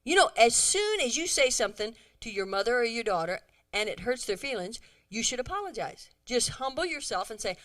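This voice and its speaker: Middle-aged woman speaker, lively church talk, brightish higher voice, acts out little scenes. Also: fairly quick. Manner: animated, acts out quoted dialogue, chatty asides. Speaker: women's conference speaker. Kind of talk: humorous talk to a church audience.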